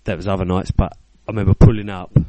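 A man's voice: low voice, level tone, fast, dark tone, no room sound. A British man in his thirties telling a funny story on a casual podcast, swearing freely and acting out the people in it. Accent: British English. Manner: swearing, laughing storyteller, acts out quotes. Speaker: podcast co-host.

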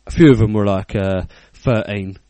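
A British man in his thirties, co-hosting a casual podcast, tells a funny story with a fairly low, warm voice at a moderate pace. He swears freely, laughs, and acts out the people in the tale, and the recording is dry.

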